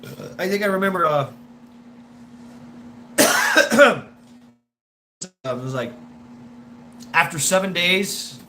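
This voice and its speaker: A man's voice: sits high, expressive, slow, pauses often, pushed and bright, low-quality recording. A man hosting a casual livestream, rambling and stammering with lots of swearing while he answers viewer comments, with a wheezy smoker's voice. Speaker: livestream host.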